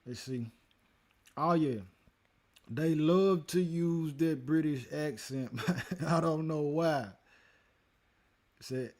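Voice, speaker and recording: Casual man streaming a scripture talk, easygoing, talks straight to his chat at an ordinary pitch. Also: a little mellow. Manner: laid-back, talks to the chat, calls listeners man and y'all. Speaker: livestream host teaching scripture.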